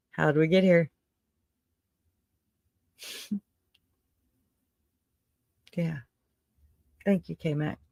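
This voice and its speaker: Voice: medium pitch, steady tone, very slow, gravelly, long pauses, darkish tone, no echo, clean studio sound. A livestream host chatting casually and reading out viewer comments, rambling and emotional, often breaking into laughter.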